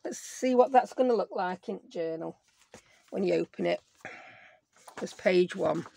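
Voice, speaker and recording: A woman hosting a crafting tutorial, her voice croaky, chatting and thinking aloud as she works at her craft desk at home. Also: on the low side, unhurried, mellow, a little hiss or hum. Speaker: craft video host.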